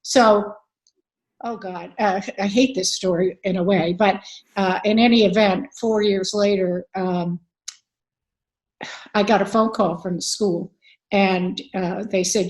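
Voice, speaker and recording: A woman's voice: medium pitch, fairly even intonation, a little slow, poor audio. An older woman, an author and advocate, telling a personal story candidly in a conversational interview, with frequent fillers.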